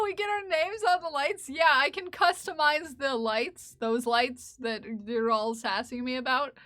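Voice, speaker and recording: A woman's voice: high-pitched, bright, forceful tone. A woman live streamer chatting casually with her viewers while knitting, playfully and teasingly scolding them in mock outrage. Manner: giggly and teasing.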